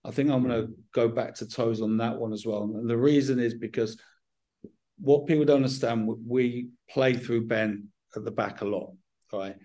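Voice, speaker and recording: A middle-aged man with a Southern English accent, a football manager answering interview questions frankly and in a measured way, often restarting his sentences. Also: medium pitch, steady tone, warm tone. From England.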